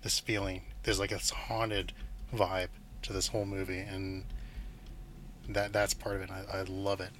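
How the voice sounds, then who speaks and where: A man's voice: low voice, little pitch movement, measured pace, fairly bright tone, slight background noise. A man co-hosting a casual film podcast, enthusiastic, laughing often and acting out scenes. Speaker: podcast co-host.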